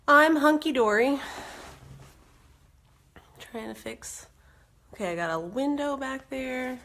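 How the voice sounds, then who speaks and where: A woman's voice: a little high, a bit bright. A woman in her thirties chatting casually on a live video, a bit congested from a cold, with many ums and asides to viewers. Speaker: direct sales consultant.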